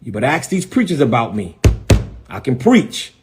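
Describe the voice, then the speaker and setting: A man's voice: mid-range voice, sing-song, moderate pace, over music. A middle-aged man, a bishop ranting defiantly on a live stream and repeating his phrases for emphasis. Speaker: bishop and preacher.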